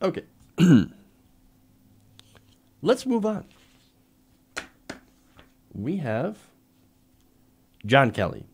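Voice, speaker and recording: A man's voice: mid-range voice, wildly swooping pitch, drawn-out words, long pauses, a little hiss or hum. A man hosting a live political commentary show, speaking sarcastically and emphatically with frequent laughs. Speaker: host.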